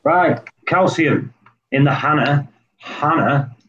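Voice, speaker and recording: A man co-hosting a casual live-stream chat, teasing and cracking quick jokes. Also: on the high side, muffled recording, crowd noise.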